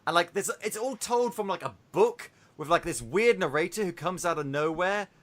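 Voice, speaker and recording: A man hosting a podcast, retelling a film in a casual, animated way with swearing. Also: high-pitched, moderate pace. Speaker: podcast host.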